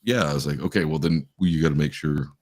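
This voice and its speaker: A man's voice: very deep voice, fast, a little mellow. A man hosting a casual podcast, telling stories in a rambling way, laughing and swearing. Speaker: podcast host. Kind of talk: casual chat.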